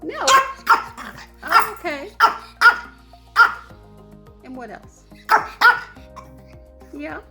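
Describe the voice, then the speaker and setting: A papercraft channel host chats casually in her home crafting vlog, her voice high, unhurried and a little bright. She comes across bubbly, giggly and sweet-talking, with faint music playing in the background.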